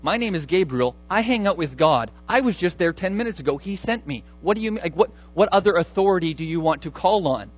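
A man's voice: high-pitched, lively intonation, a little fast, few pauses, highs cut off, faint music behind. A man playing a brash, boastful angel. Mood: indignant.

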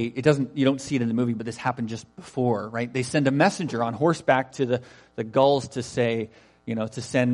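A man preaching a sermon in a conversational, animated way, often asking "right?" and acting out quoted lines. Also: medium pitch. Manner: animated, acts out invitations in quoted voices; conversational, frequent "right?" asides. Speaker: pastor.

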